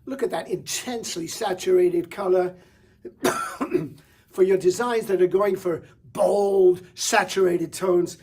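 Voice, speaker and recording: A man's voice: sits high, darkish tone, slightly rough. A middle-aged man presenting flowers with enthusiasm, chatty, with fillers and small restarts. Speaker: florist presenter. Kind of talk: product showcase demonstration.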